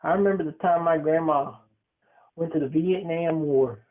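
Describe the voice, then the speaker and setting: Young male podcast host, playful teaser, higher voice, phone-quality audio. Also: normal speed. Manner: teasing, joking storyteller. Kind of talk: casual podcast chat. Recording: tinny phone-like sound.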